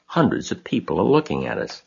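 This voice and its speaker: A man's voice: deep voice, huge pitch swings, a little fast, vocal fry, slightly rough, dull audio, exaggerated voice. A man voicing a fussy, anxious middle-aged farm wife who frets and nags. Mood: fretful. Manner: fretful, nagging.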